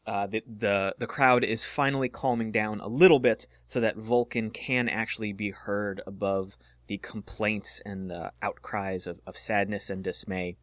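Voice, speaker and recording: A man's voice: on the low side, normal speed, hardly any pauses, dry recording. A man narrating a tabletop role-playing session as game master, with plenty of ums and uhs. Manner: relaxed, filler-heavy narration.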